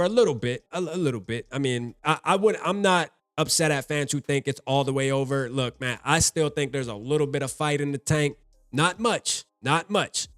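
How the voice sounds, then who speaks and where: A young man hosts a casual fan video, reading viewer comments aloud and reacting in a loose, animated way. His pitch sits in a middle range, and he keeps repeating phrases with plenty of "bro." The sound is close and dry, with faint music in the background. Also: no echo. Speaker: sports fan video host.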